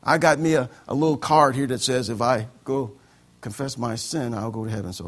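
A man preaching a sermon as pastor, animated and acting out conversations. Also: medium pitch, brisk.

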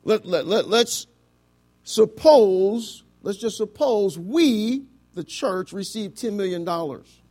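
Pastor, male, high-pitched, emphatic sermon delivery that drops to a hush and drags out key words. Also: lively intonation, slow. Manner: emphatic, swings from loud to hushed, stretches key words; addresses the congregation with rhetorical questions.

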